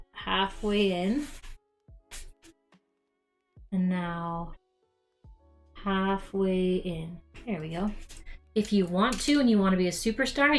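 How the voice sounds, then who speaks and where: A young woman hosting a casual cosplay crafting stream, talking straight to her viewers with plenty of ums as she works. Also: mid-range voice. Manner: chatty, talks to viewers as "you guys", many ums. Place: home craft room.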